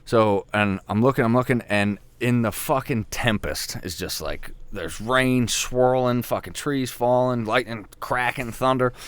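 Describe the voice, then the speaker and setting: A man telling a hunting story in casual podcast chat, swearing freely and getting animated as he talks. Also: mid-range voice, unhurried, hardly any pauses, clear, resonant tone, no room sound. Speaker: podcast co-host.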